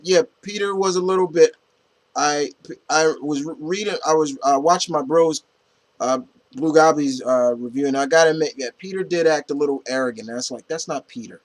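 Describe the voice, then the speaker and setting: A young man giving a casual comic book review, rambling with lots of fillers and restarts and casual swearing. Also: a little high. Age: young adult.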